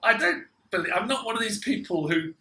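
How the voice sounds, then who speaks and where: A man co-hosting a casual film review chat, rambling with lots of restarts and quick laughs. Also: high voice, expressive, bright, forceful tone, roomy sound. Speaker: podcast co-host.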